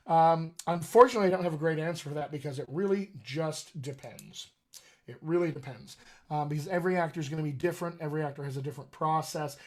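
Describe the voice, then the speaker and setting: A middle-aged man coaching actors on accents in a live question-and-answer session, chatty and enthusiastic. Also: fairly high pitch. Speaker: dialect coach.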